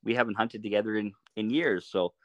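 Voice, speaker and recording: A middle-aged man telling stories in a relaxed, casual way as a podcast guest, often laughing as he talks. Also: lowish voice, fairly quick, no echo, highs cut off. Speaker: podcast guest, archery shop owner. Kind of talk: casual storytelling.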